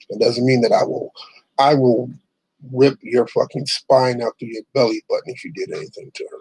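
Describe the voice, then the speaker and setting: A man's voice: mid-range voice, gravelly, a little mellow, husky, no echo, low-quality recording. A middle-aged man hosting his own online show, ranting bluntly and profanely, rambling with restarts. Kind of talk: casual ranting monologue.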